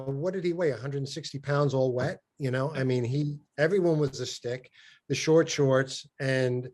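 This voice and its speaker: A man's voice: fairly high pitch, darkish tone. A man, a former college basketball player, telling stories on a podcast video call, stumbling and repeating words as he talks. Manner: halting, repeats words, mimics his old coach. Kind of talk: casual storytelling on a video call.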